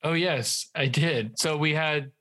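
Laughing, bright-voiced man podcast host. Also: a little high, takes it slowly. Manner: laughs often, relaxed and joking. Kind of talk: casual chat.

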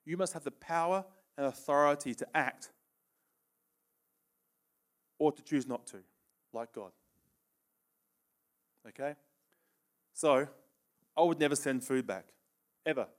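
A man's voice: fairly high pitch, slow pace, long pauses. A middle-aged man preaching a casual sermon, often checking in with "okay?", laughing between points and leading a live demonstration with a volunteer.

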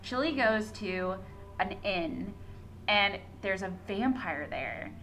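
A young woman co-hosting a podcast, retelling a story excitedly with lots of fillers and swearing. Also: medium pitch, slow pace, a little hiss or hum, low-quality recording. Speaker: podcast co-host. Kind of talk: casual fandom chat.

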